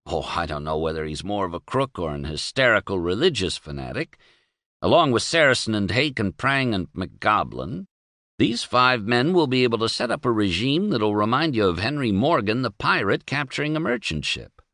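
A man's voice: lowish voice, very animated, normal speed, pushed and bright, no room sound, studio quality, exaggerated voice. A man voicing a wry, outspoken middle-aged man who rambles sardonically and with emphasis. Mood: sardonic.

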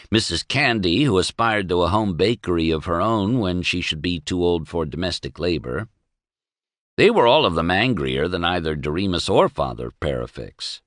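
Low expressive male audiobook narrator. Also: no room sound, clean studio sound. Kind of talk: scripted narration.

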